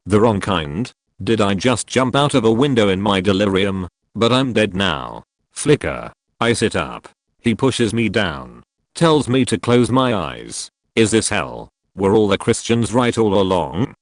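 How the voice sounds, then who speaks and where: A man with a low voice reads a first-person story in scripted narration. His delivery rises and falls expressively, sinking to a hush on repeated words. The sound is close and completely dry. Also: very animated, dry recording. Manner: low, measured, drops to a hushed tone for repeated refrains. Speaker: narrator reading a trip report.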